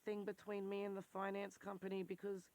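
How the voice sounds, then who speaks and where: An adult in their forties with an Australian accent, talking bluntly and intensely in a candid personal monologue. Their voice is worn and turns squeaky when they get worked up. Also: completely flat delivery, brisk, darkish tone, dry recording. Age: 40s. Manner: blunt, swears freely, intense and rambling. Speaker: vlogger.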